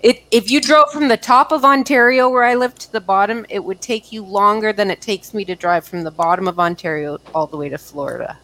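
A woman co-hosts a laid-back podcast, speaking in a chatty, animated way. Her voice sits at an ordinary middle pitch for a woman. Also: fairly quick, few pauses, rough recording. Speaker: podcast co-host. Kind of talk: casual chat. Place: lives in Ontario, Canada.

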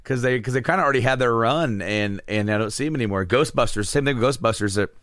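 A fast-talking podcast co-host with a medium-pitched voice tells stories in a casual chat, recorded at studio quality with no echo. He's an animated storyteller who laughs often and acts out quotes.

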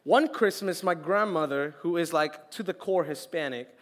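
A young man preaching a sermon as youth pastor, lively and joking, acting out little quotes. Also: fairly high pitch, normal speed. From Colombian family, raised in Florida.

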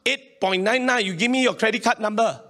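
A man's voice: high voice, a little fast, sharp tone, long reverb tail. A pastor putting on a pushy scam caller man. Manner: clipped, broken English. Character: pushy male phone scammer, broken English.

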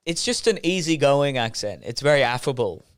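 Smooth dry-voiced man joking crudely. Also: medium pitch, lively intonation, moderate pace, no echo. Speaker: podcast host. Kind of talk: casual chat.

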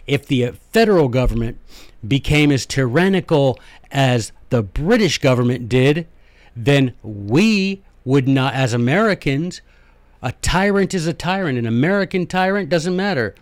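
A man's voice: medium pitch, expressive, normal speed, no room sound. A middle-aged man with a light Southern US accent, hosting a folksy, chatty lecture full of emphatic asides. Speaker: host.

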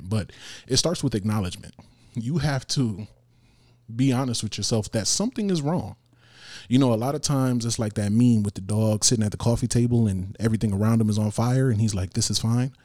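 A man's voice: medium pitch, darkish tone, no echo, studio quality. A man hosting a podcast and talking earnestly and encouragingly, often laughing between points and dropping casual slang. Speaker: podcast host. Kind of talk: motivational podcast monologue.

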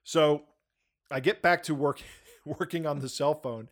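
Lively man telling a story. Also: on the high side, measured pace. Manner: animated, acts out shouts and voices in his story. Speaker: storyteller on a talk show. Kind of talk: casual chat, telling a funny story.

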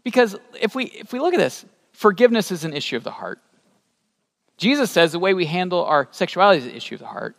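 A man preaching a sermon as a pastor, animated and rising to emphatic peaks, asking the congregation questions. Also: fairly high pitch, creaky. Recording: long hall reverb.

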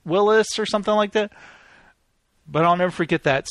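A man's voice: high voice, brisk, dry recording, studio quality. A man telling stories in a casual chat, laughing often as he goes. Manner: laughs often, animated retelling.

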